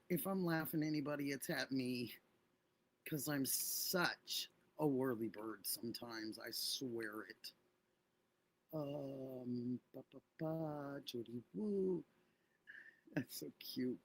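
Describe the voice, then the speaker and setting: A middle-aged woman hosting a casual livestream, chatting effusively and thanking viewers by name. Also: rumbling low. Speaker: livestream host.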